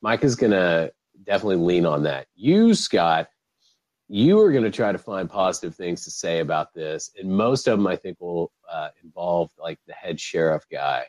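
A low-voiced man talks through a film on a podcast, in casual chat. He gets animated and swears freely, with the odd laugh. The sound is dry and close. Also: normal speed, dry recording, low-quality recording. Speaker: podcast host.

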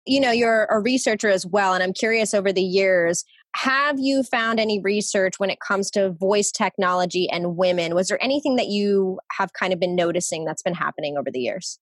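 Woman host asking measured questions. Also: medium pitch, no echo. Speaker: podcast host. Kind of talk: interviewing a guest.

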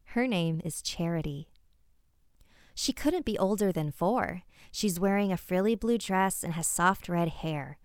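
A woman hosting a horror podcast, narrating stories in a measured first-person style. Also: medium pitch, expressive, smooth, no echo, studio quality. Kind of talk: scripted story narration.

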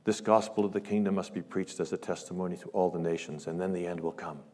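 A man's voice: sits low, fairly even intonation, fast talker. Impassioned male preacher in a reverberant church. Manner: impassioned, swells loud on scripture quotes and drops to hushed asides. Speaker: guest preacher. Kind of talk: sermon. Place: large church sanctuary.

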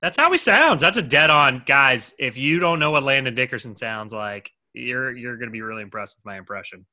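Very bright-voiced joking podcast host. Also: male voice, medium pitch, expressive, fairly quick. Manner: rambling, jokey, enthusiastic. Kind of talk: casual chat.

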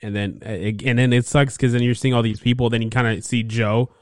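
A man's voice: medium pitch, steady tone, brisk, darkish tone, dry recording, clean studio sound. A man co-hosting a podcast, chatting casually and rambling with lots of fillers and restarts. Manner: rambling, laid-back, many fillers and restarts. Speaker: podcast co-host. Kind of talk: casual chat.

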